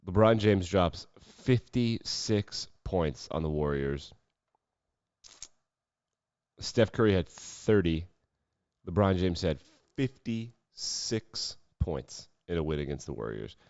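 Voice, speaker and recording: A man's voice: deep voice, expressive, slow, a little mellow, no room sound. A man hosting a sports podcast, giving casual commentary full of wry, sarcastic asides. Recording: dull lo-fi dry sound.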